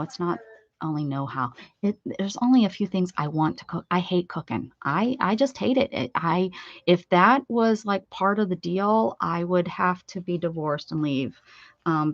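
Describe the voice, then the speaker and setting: A woman's voice: fairly low pitch, no echo. Lady livestreaming, rambly, keeps correcting herself, dry close sound. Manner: rambling, self-correcting, chatty with viewers. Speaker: craft livestream host. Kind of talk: casual livestream chat. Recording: dull, slightly lo-fi dry sound.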